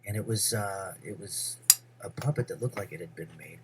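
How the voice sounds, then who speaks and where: A man from New York telling a long personal story, rambling and halting with many fillers. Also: deep voice, background noise. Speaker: comedian guest. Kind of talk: storytelling anecdote.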